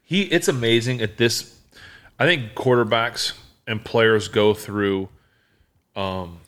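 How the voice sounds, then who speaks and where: A man's voice: medium pitch, expressive, measured pace, a bit bright. A man hosting a casual sports chat at a bar, telling stories with lots of laughter and filler words. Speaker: podcast host, former quarterback.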